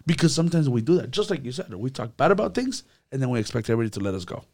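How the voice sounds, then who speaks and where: Man, youth leader, casual church group talk, lively and animated. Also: mid-range voice, racing. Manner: animated, acts out quotes, repeats words.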